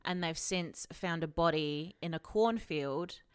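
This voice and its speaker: A woman's voice: sits low, unhurried, clear, resonant tone. A woman co-hosting a podcast, retelling a documentary in casual chat, full of "like" and swearing. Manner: chatty, retells a story with lots of "like" and swearing. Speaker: podcast co-host.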